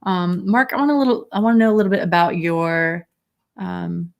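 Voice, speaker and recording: A woman's voice: fairly low pitch, normal speed, vocal fry, dull audio. A woman hosting a casual livestream chat over a video call, rambling with fillers and giggles. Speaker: host.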